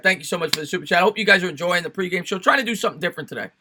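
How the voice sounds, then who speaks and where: A man's voice: high voice, racing, bright, forceful tone, a little hiss or hum. A young man with a New York accent hosting a casual sports live stream, chatting with viewers and thanking them by name.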